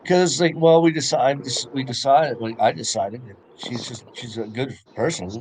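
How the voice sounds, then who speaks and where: A man's voice: medium pitch, moderate pace, a little mellow, a little hiss or hum. A young man rambling through a personal story in a casual chat, with lots of fillers and swearing. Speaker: podcast co-host.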